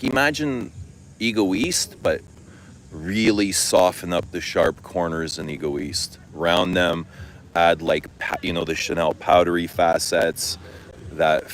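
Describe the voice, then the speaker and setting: Low-voiced middle aged dude from canada, rambling live chat, swears and laughs a lot. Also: male voice, a little slow, slight background noise, rough recording. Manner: swears freely, laughs, animated storytelling. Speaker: fragrance vlogger. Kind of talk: casual livestream chat answering comments.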